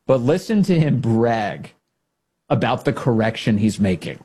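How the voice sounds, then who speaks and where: A man hosting a political commentary show, mocking news clips in a sarcastic, animated way. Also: medium pitch, unhurried, slightly rough.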